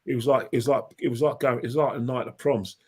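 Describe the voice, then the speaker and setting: A man of ordinary pitch tells a football story in a casual podcast chat. He rambles, restarts his sentences and repeats phrases, and he is heated and impassioned as he goes. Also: steady tone, quick pace, darkish tone, breathy edge. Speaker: podcast guest, football fan.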